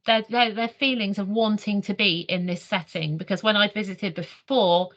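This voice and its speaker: A woman's voice: mid-range voice, fairly even intonation, normal speed, fairly bright tone, highs cut off. An English woman on a video call, telling a story in a training session, often restarting her sentences. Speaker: early years adviser. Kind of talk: sharing an anecdote in online training.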